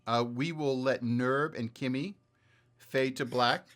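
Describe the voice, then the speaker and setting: Slow, halting male game master. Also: mid-range voice, fairly even intonation, a bit bright. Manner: halting, many fillers and restarts. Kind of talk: narrating a tabletop game.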